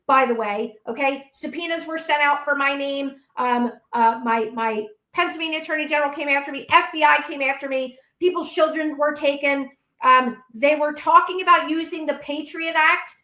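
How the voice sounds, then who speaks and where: A woman's voice: high voice, moderate pace, bright, forceful tone, reverberant. A woman guest in a heated interview, talking bluntly and combatively, with some profanity.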